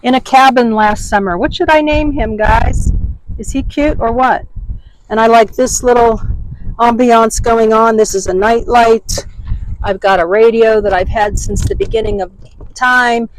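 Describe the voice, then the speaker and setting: A woman's voice: a little high, steady tone, measured pace, rough recording. An older woman giving a chatty, homey show-and-tell tour from inside her parked car, naming items one by one. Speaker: vlogger.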